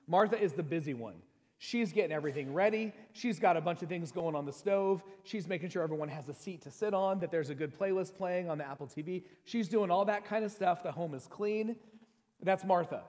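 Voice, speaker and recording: In a church sanctuary, a middle-aged male pastor with a fairly high, slightly mellow voice preaches a casual, joking sermon and shares personal stories. He slows down to read scripture with emphasis, and the hall's long reverb rings around his voice.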